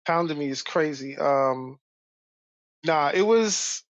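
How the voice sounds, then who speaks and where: A man from Brooklyn, a podcast guest telling animated stories from his youth. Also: fairly high pitch, slow pace. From Brooklyn, New York. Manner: animated, acts out voices in stories. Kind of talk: casual storytelling.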